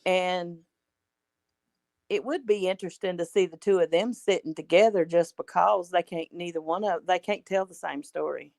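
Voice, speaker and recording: A woman's voice: lowish voice, normal speed, creaky, a little mellow, no echo. A woman calling in to a talk show who chats casually and rambles, tacking on fillers like "kind of thing and stuff.". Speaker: regular caller. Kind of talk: casual chat.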